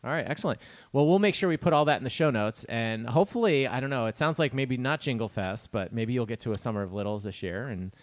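A man's voice: medium pitch, lively intonation, fast. A man co-hosting a podcast in casual chat, giggly and chatty, reading notes aloud. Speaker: podcast co-host.

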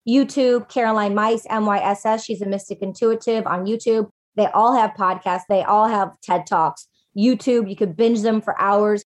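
Chatty woman coach, slightly high voice. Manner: chatty, animated, acts out quotes, fillers of "like". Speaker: life coach. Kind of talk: casual podcast conversation.

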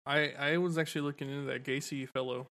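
A man with a somewhat high voice co-hosts a casual podcast with friends. He rambles through his stories, swears freely and laughs easily. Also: steady tone, fast talker, pushed and bright. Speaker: podcast co-host.

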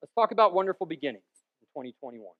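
Man, pastor, sermon, high-pitched voice, jokey rambling asides, loud emphatic bursts. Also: big pitch swings, very fast, narrow, tinny audio.

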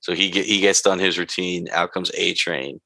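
A man's voice: low-pitched, moderate pace, vocal fry, no echo, low-quality recording. A man co-hosting a podcast, chatting casually and acting out quotes as he recaps a show. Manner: animated, acts out quotes from the show. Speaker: podcast co-host.

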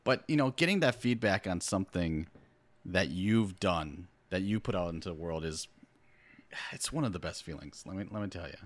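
A man's voice: sits low, animated, moderate pace. A man, an author guest on a podcast, talking in an easygoing, self-deprecating, rambling way. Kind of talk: casual podcast chat.

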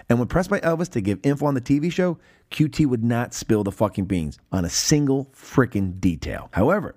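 A man's voice: medium pitch, dry recording. A man telling a profane, sarcastic story as a podcast host, recorded close on a mic. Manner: animated, heavy cursing, sarcastic.

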